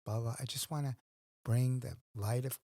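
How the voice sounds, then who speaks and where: A man's voice: mid-range voice, steady tone, moderate pace, dark tone, dry recording, clean studio sound. A middle-aged man, a guest in a casual conversation, telling earnest stories and acting out his own thoughts.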